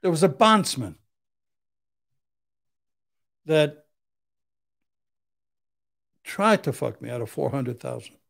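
Give me a blunt older man with a gravelly, slightly high voice, acting out quotes in rough, profane stories. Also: very animated, measured pace, a bit bright. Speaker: guest, criminal defense attorney. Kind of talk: casual storytelling chat.

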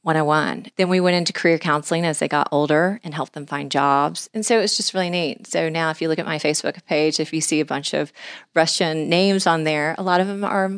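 Low-voiced earnest middle-aged woman. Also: fairly even intonation, brisk, clear, resonant tone, dry recording, studio quality. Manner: earnest, heartfelt, talks through long stories. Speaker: podcast guest, angler and mission leader. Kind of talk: conversational storytelling.

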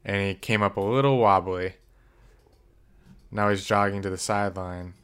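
Animated man with a low voice. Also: smooth. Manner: animated, quick to react. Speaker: podcast co-host. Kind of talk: casual chat and play-by-play of a game on TV.

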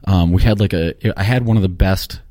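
A man's voice: low voice, a little fast, dark tone, no echo, clean studio sound. A man chatting casually as a podcast guest, telling rambling, easygoing stories. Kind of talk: casual chat.

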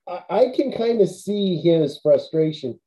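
Dark-voiced opinionated podcast host man. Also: sits high, lively intonation, measured pace. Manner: opinionated, swears casually. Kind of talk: casual chat. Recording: dull lo-fi audio.

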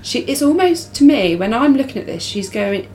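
A woman's voice: fairly high pitch, very animated, moderate pace, darkish tone, a little hiss or hum, poor audio. A woman hosting a casual podcast, reading case details and then chatting loosely with her co-host. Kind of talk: casual true-crime chat.

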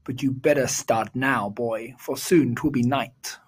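A man's voice: mid-range voice, steady tone, measured pace, slightly rough. A man doing a cheeky leprechaun. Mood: sly. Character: crafty cheeky little male leprechaun shoemaker.

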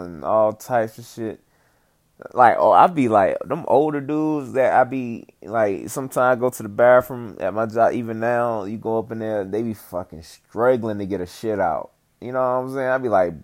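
A man telling a rambling, profane, comedic story in casual chat, full of fillers and asides. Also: fairly low pitch.

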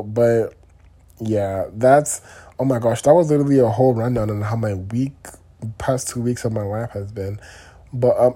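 A man's voice: medium pitch, warm tone, breathy edge. A young man hosting a solo podcast, talking in a rambling, candid way and swearing casually. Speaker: podcast host.

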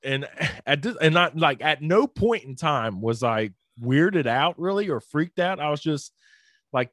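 A man's voice: a little high, lively intonation, normal speed, fairly bright tone, dry recording. A man telling a story in casual podcast chat, peppered with "like" and "dude" and swearing freely.

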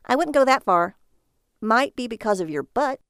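A woman voicing an exasperated, sharp-tongued wife who scolds with sarcasm. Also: on the high side, expressive, normal speed, clear, resonant tone, no echo, studio quality, pitched above the performer's own voice. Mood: scolding.

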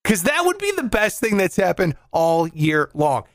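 A comedy show host delivering a jokey monologue, animated and quick to switch into silly voices. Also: medium pitch, dry recording. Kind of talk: comic monologue.

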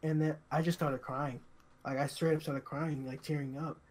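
Young man telling a story haltingly. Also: a little high, little pitch movement, darkish tone. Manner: halting, repetitive, full of "like" and restarts. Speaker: podcast co-host. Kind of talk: casual storytelling chat.

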